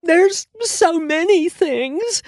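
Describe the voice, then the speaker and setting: A man doing a sobbing, whimpering woman, far higher. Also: expressive, slow, creaky, darkish tone, dry recording, clean studio sound, full character voice. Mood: tearful. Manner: breathless, whimpering, theatrical. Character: distraught sobbing woman, client with ruined hair. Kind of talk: audiobook character voice.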